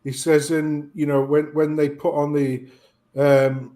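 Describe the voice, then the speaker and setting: A British man on a casual chat show, ranting profanely and telling an animated story. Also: a little high, normal speed.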